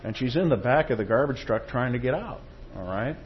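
A man's voice: medium pitch, expressive, a little fast, dull audio, a little hiss or hum. A man preaching a sermon, reading quotations with rising force and checking in with the congregation. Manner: tag questions to the congregation.

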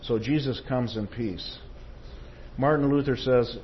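A man's voice: medium pitch, unhurried, dull audio, slight background noise. Man preaching an emphatic sermon. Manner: emphatic, rising in force on quotations; tag questions to the congregation.

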